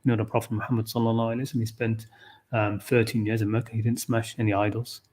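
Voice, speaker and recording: A man's voice: fairly low pitch, little pitch movement, rapid-fire, a little mellow. A man giving an unscripted livestream talk on a scripture verse, thinking aloud with frequent restarts and "okay, you know". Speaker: Qur'an teacher.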